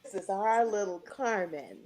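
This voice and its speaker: A woman quoting a kindly, protective older male bandleader in a soft, slow, fatherly voice. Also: sits high, lively intonation. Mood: fond.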